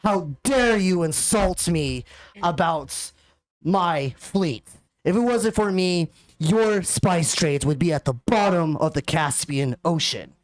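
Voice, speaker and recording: A woman voicing a rambunctious older male fleet commander with a deep voice. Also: animated, slow, low-quality recording. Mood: indignant.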